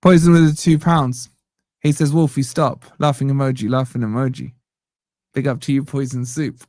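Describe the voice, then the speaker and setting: A man's voice: medium pitch, steady tone, normal speed, a little mellow, dry recording, clean studio sound. A young man hosting a live football fan reaction stream, rambling and joking while he interrupts himself. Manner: rambling, self-interrupting, jokey. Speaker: fan channel host.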